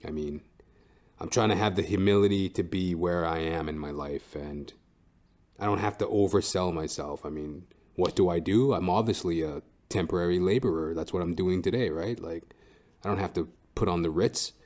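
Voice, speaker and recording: A man's voice: low-pitched, moderate pace, a little mellow. A man hosting a podcast, telling a comic story in a profane, ranting way with frequent "right?". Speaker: podcast host.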